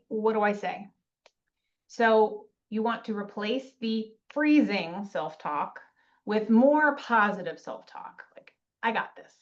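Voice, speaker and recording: A woman co-presenting an online training session, chatty and telling stories with asides, heard over a video call. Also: medium pitch. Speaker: webinar co-presenter. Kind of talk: casual online training talk. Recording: distant, dull lo-fi call audio.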